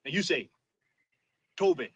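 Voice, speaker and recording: A man's voice: on the high side, lively intonation, measured pace, a bit bright, breathy edge, dry recording, heavily acted. An actor playing an older enslaved male fiddler in a film drama, speaking in a thick period Southern dialect and deferring to his master. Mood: scolding.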